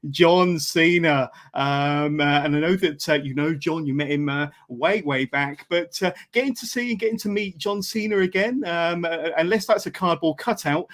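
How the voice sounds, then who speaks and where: A man hosting a live podcast, reading out viewer messages and asking questions with halting, filler-heavy phrasing. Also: on the high side, fairly bright tone. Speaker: podcast host.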